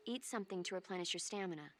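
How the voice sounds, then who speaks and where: A woman's voice: mid-range voice, very fast, a bit bright, lightly acted. An actress playing a playful, caring young female medic in a video game. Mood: teasing.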